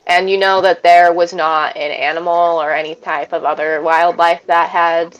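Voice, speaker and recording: A woman's voice: fairly low pitch, level tone, moderate pace, dull audio. A woman narrating as game master of a tabletop game, hesitant with many fillers.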